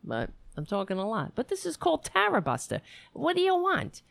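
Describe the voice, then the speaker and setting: A woman's voice: high-pitched, fairly quick, gravelly, no echo. A woman hosting her own live-streamed talk show, rambling through a casual monologue, swearing freely and poking fun at herself. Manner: animated, digressive, swears freely, self-mocking.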